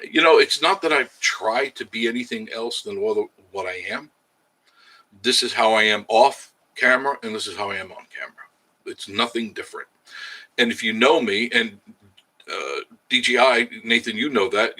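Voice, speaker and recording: A man's voice: medium pitch, bright, forceful tone, slightly rough, poor audio. A man hosting a casual livestream, chatting in a rambling, candid way as he reads out viewer comments. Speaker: livestream host.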